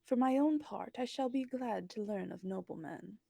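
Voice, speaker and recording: A woman's voice: on the high side, normal speed, vocal fry, mellow, no room sound. Brutus, a woman reading a scornful nobleman. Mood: defiant. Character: stern Roman nobleman Brutus, male, scornful. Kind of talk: dramatic reading of a play.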